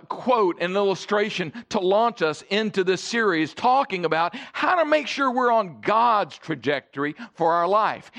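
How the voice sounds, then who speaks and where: A man preaching as a pastor, swinging between loud stressed phrases and quiet asides, often asking the congregation questions. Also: high voice. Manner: engages audience with questions. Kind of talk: sermon.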